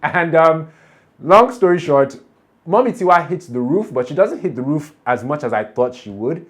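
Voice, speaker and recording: A man, talking through a show episode in a casual, animated way and often breaking into laughter. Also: a little high, moderate pace. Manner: chatty, animated, laughs often while recapping. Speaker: TV show reaction vlogger. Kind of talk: casual episode recap and commentary.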